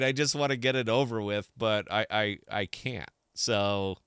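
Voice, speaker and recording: A man hosting a live stream and talking straight to camera, wandering off topic and restarting his sentences. His voice is low, bright and forceful, with a smooth, resonant tone. The sound is close and dry. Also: a little slow, dry recording. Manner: rambling and distracted, many restarts. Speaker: podcast host.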